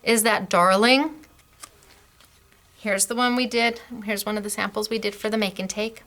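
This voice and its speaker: A middle-aged woman hosting a craft class, chatting warmly and gushing over samples, laughing often. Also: medium pitch, fairly even intonation, normal speed. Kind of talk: casual product demo.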